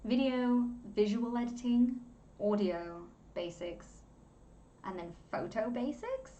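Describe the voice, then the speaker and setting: A young woman giving a casual, rambling editing tutorial at home, chatty and quick to laugh. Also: fairly high pitch, animated, dark tone, highs cut off, a little hiss or hum. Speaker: content creator teaching video editing. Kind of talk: casual screen-recording tutorial.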